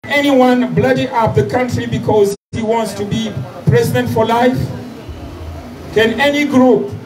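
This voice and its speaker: High-voiced man declaiming at a street rally. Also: measured pace, a crowd in the background. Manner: declamatory, denouncing, repeats and restarts phrases. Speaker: protest speaker. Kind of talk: political rally speech. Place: outdoor city square at a street protest. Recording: distant mic, loud outdoor street noise with traffic.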